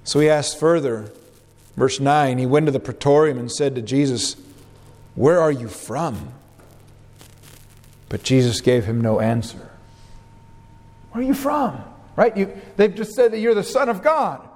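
A man's voice: mid-range voice, animated, normal speed, a little mellow, in a large hall. A male pastor preaching an expository sermon, reading scripture verses aloud and explaining them with emphasis.

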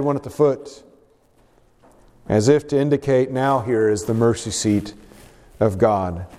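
A man delivers a sermon in a church sanctuary, his voice sitting a bit high for a man. He reads scripture with dramatic, swelling emphasis. The sound rings with a long reverb from the hall. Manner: dramatic, expressive Bible reading with rising emphasis. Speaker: preacher.

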